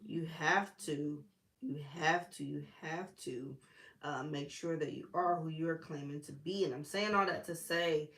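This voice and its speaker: A woman's voice: deep voice, a bit bright, echoey room. A woman preacher, teaching the Bible in a casual, chatty way with sassy asides.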